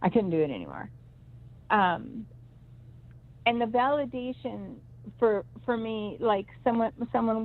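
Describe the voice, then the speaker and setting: Gravelly woman on a tinny phone line. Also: medium pitch, animated, unhurried. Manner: rambling, emphatic storytelling with restarts. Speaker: psychic reader. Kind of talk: personal storytelling on a call-in show.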